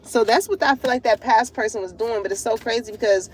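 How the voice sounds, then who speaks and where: A woman with a high voice gives a casual tarot reading straight to her viewers. Her delivery is animated and full of slang, and laughter keeps breaking through. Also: fast, slight background noise. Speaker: tarot reader.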